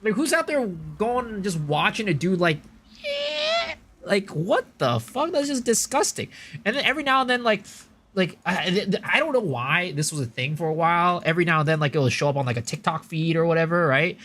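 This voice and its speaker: Lively, profane male streamer. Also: sits high, brisk. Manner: rambling, profane, filler-heavy with lots of "like"; chats to viewers in the stream chat. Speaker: game streamer. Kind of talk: casual live-stream chat while gaming.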